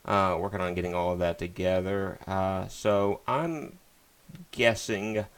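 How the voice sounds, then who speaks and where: A man streaming a retro game, chatting casually in a flat, monotone way. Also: low-pitched, measured pace, clean tone. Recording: game music loud behind the voice. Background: game music.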